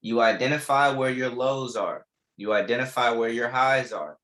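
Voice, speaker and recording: Young guy teaching an online class, says stuff twice for emphasis, casual slangy, middle pitch. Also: normal speed, fairly bright tone. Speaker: trading instructor.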